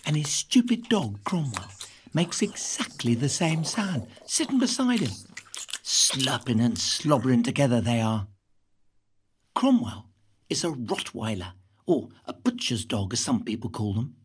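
Brief: woman narrator, husky, swooping lively pitch, wry first-person reading. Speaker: reader.

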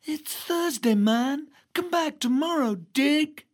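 A woman's voice: high-pitched, animated, takes it slowly, pitched above the performer's own voice. A woman reading aloud, voicing a teenage girl who drawls hippie slang in a condescending way.

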